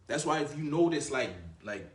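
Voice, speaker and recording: A man's voice: on the high side, expressive, normal speed, echoey room. A man giving blunt, profane dating advice in a casual monologue, with a swaggering manner and lots of filler words. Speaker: dating coach.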